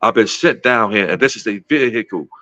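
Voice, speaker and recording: A man's voice: fairly low pitch, brisk, pushed and bright, no room sound, highs cut off. A man in his fifties from Gary, Indiana, telling a personal story in a casual, repetitive way, often calling his listeners guys. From Gary, Indiana, USA. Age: 50s. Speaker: guest speaker.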